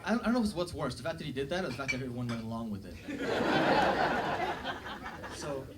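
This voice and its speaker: Expressive and quick, this young man's mid-range voice carries a casual, self-deprecating stand-up routine in a comedy club. He uses a handheld mic and fills his talk with fillers and asides. Heavy background noise and loud audience laughter mark the live recording.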